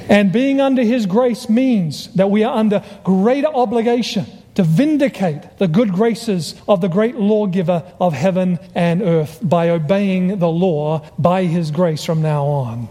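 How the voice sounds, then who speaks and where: Australian guy preaching, high mellow voice, big hall echo. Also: a little slow, few pauses. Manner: animated storyteller, acts out quoted voices. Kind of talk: sermon storytelling.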